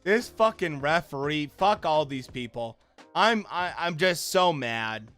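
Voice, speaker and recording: A young man streaming a live reaction, angry and profane, shouting bursts that trail off into mutters. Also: a little high, expressive, unhurried, faint music behind. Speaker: streamer reacting to a boxing fight.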